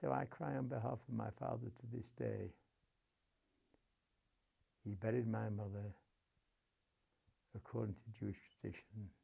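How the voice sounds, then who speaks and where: Here the older Manchester guest speaks a little slowly with long pauses, his lowish, gravelly, husky voice holding a steady tone. He shares a family story in a Manchester accent, emotionally shifting from hushed whispers to urgent outbursts, captured on lo-fi sound.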